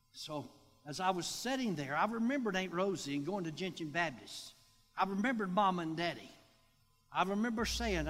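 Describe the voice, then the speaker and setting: A pastor tells his testimony in a sermon, with a high voice for a man. He delivers it as animated storytelling and acts out the people he quotes. His voice rings out with a long reverb in a large hall.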